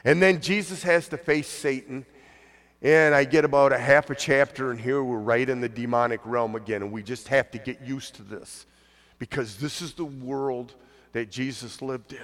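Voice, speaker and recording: A man's voice: medium pitch, steady tone, moderate pace, a bit bright, big-room sound. A man preaching a conversational sermon as pastor, now and then acting out the voices of the people he quotes.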